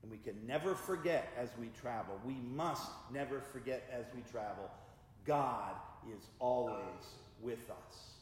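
Male pastor, measured sermon delivery, slow, church reverb. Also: medium pitch, slight background noise. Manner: measured, deliberate preaching. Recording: echoey church hall.

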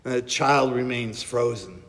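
A male pastor preaching a sermon and leading a breathing prayer, slow and gentle in a measured way. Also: medium pitch. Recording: long echo of a large hall.

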